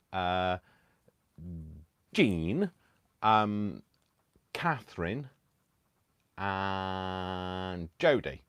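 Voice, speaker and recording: A man's voice: low voice, dry recording. A man hosting a craft live stream from home, chatting casually with self-mocking, rambling asides. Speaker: craft channel host. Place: home, indoors.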